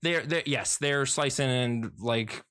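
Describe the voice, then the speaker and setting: A man's voice: medium pitch, slow, fairly bright tone, smooth. A man co-hosting a podcast, chatting casually about a comic in a rambling way, with lots of fillers and restarts. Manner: rambling, many fillers and restarts, laughs often. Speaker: podcast co-host.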